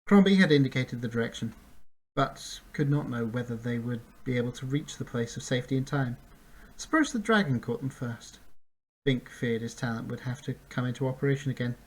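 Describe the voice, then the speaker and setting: A man's voice: medium pitch, a little fast, poor audio. A man narrating a fantasy story aloud, reading with small slips and restarts. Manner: reads with slips and restarts, occasional laughs. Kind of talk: amateur audiobook reading.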